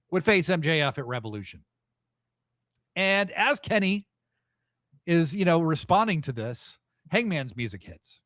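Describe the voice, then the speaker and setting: A man hosting a live wrestling podcast, recapping events in a rambling, excitable, profane way. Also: high-pitched, dry recording, studio quality. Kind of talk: casual live show recap.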